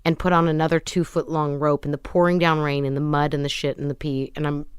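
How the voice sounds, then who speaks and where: A middle-aged woman talking as a podcast guest, candid and wry, deadpan even about hard subjects. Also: low-pitched, fast, smooth, no room sound, clean studio sound. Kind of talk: casual conversation.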